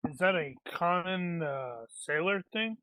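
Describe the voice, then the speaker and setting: Bright-voiced joking man at the table. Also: sits high, animated, no echo, poor audio. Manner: joking, quick banter. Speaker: player. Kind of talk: casual tabletop play.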